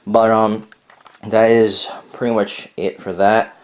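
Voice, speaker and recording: A man's voice: on the low side, flat delivery, slow. A young man hosting a casual weekly vlog update, rambling with lots of fillers and self-corrections while chewing gum. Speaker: vlog host. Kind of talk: casual chat to viewers.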